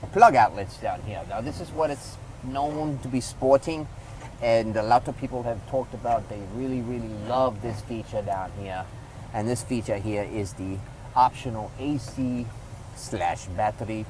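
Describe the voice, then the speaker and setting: A man's voice: on the low side, darkish tone, slight background noise, low-quality recording. A man giving a casual hands-on product review, rambling loosely and talking to the viewer as he demonstrates.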